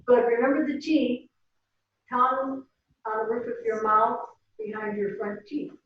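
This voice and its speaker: A woman teaching a Spanish class over a video call, saying each word slowly and having the class repeat it after her. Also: a little high. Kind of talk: slow, patient language drill. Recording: echoey, distant, dull and slightly noisy room audio.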